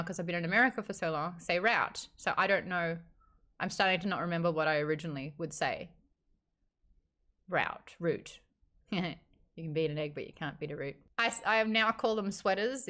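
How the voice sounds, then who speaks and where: Australian woman host, bright tone, playful and laughing, casual stream chat. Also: lowish voice. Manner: playful, laughs often, jumps between topics.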